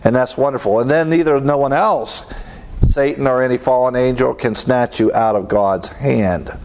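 Middle-aged man preaching to a class, mid-pitched, earnest, leans on repetition. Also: moderate pace, darkish tone, slight background noise. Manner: earnest, emphatic, repeats key phrases. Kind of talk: sermon-style teaching.

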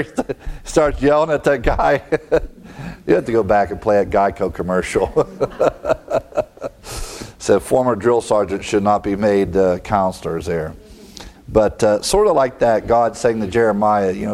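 Male preacher, deeper register, teaching a sermon in a relaxed, questioning style. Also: a little slow. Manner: conversational, rhetorical questions, chuckles often. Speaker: pastor.

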